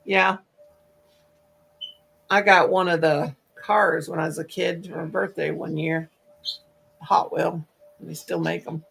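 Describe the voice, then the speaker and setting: An older woman hosts a crochet livestream, her voice gravelly with a creaky edge. She rambles through stories, doubling back and adding asides as she chats. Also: sits low, fairly even intonation, takes it slowly, pauses often, a bit bright. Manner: rambling storyteller, full of restarts and asides. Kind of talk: casual livestream chat.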